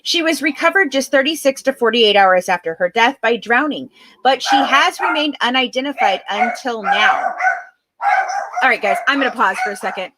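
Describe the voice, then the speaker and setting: A woman's voice: fairly high pitch, animated, moderate pace. A middle-aged woman hosting a casual true crime live stream from home, chatty and easily distracted, often apologizing. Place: home with dogs barking. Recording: noisy home, dogs barking. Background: dogs barking.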